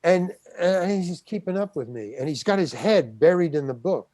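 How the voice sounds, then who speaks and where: An older man, a guest actor, telling a story in an interview, animated, stammering and acting out the other people's voices. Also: a little high, moderate pace, no room sound. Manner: animated, acts out quoted voices, stammers and restarts.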